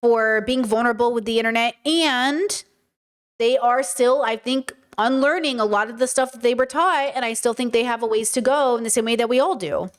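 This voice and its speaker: A woman's voice: a little high, normal speed. A woman giving reaction commentary, chatty and direct as she lectures her viewers. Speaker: commentary vlogger.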